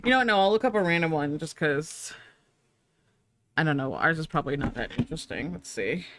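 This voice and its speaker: A young woman with a deep voice talks in an animated, brisk way as she draws on a live stream, chatting bubbly with viewers and herself. She's sleepy and yawning, and the background is noisy.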